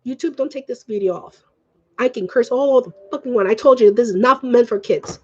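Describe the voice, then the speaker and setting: A woman's voice: on the high side, a little fast, dark tone, highs cut off. A young woman who grew up speaking Spanish, ranting emotionally and swearing in a home vlog. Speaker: vlogger.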